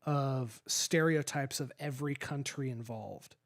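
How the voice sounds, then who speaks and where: A man co-hosting a podcast in casual chat, halting and correcting himself, laughing often. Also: mid-range voice. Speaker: podcast co-host.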